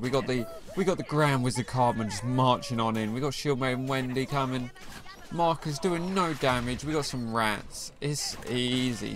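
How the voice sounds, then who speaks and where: A young man giving casual, excitable commentary over his own mobile game, bantering at his opponent. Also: medium pitch. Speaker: gaming YouTuber. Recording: faint game music behind the voice.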